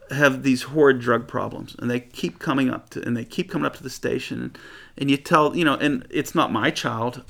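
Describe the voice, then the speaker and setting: Male pastor, gravelly voice, casual Bible-study teacher, mid-range pitch. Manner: conversational, restarts often, animated stretches. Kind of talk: informal Bible teaching and prayer.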